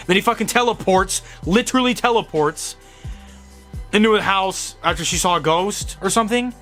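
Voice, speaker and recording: A young man hosting a show, giving a profane, rambling, excitable fanboy review of horror movies. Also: on the high side. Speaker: host.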